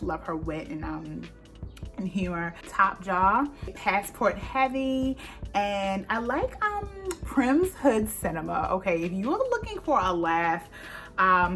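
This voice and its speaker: A woman YouTuber answering Q&A questions in a casual, chatty way, full of fillers and quick laughs. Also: on the low side, a bit bright. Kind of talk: casual Q&A vlog.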